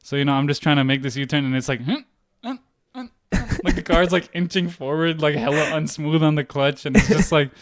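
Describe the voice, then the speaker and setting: A young American man telling a story in casual podcast chat, acting out the voices of others with big jumps in pitch. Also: fast, hardly any pauses, no room sound, clean studio sound. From United States. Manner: animated, acts out quotes with big pitch jumps. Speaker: podcast guest.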